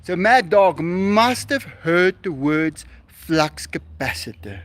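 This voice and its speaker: A man's voice: sits high, animated, takes it slowly, no room sound. A man with a South African accent, Afrikaans his first language, chatting animatedly to livestream viewers beside an animal enclosure. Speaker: livestream host. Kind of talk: casual livestream chat.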